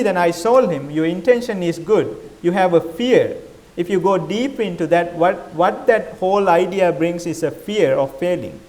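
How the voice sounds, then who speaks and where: Male monk, middle-aged, high voice, conversational dharma talk peppered with questions. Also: a little mellow. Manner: questioning, conversational, non-native phrasing. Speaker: Buddhist monk teacher.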